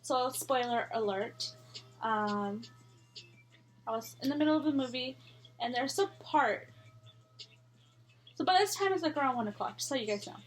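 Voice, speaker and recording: A woman's voice: sits high, expressive, moderate pace, pauses often, faint music behind. A young woman telling a scary story in a casual, rambling way, full of fillers and swearing.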